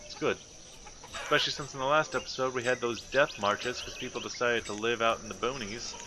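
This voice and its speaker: A man's voice: mid-range voice, background noise. A man giving casual, thinking-aloud commentary while playing a city-building game. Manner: muttering to himself, thinking aloud. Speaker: gameplay commentator.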